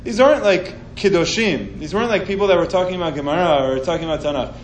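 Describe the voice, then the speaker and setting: A man teaching an informal scripture class, telling the story with animated sarcasm. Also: on the high side, fast talker, echoey room, a little hiss or hum, poor audio.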